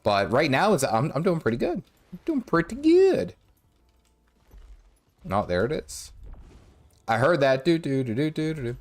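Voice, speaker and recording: A man chatting his way through a game stream with a lively, bouncing pitch. His throat is sore and his voice cracks now and then, and he rambles, restarts sentences and hums little nonsense tunes to himself. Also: moderate pace. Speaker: gaming streamer. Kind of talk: casual live-stream commentary while playing.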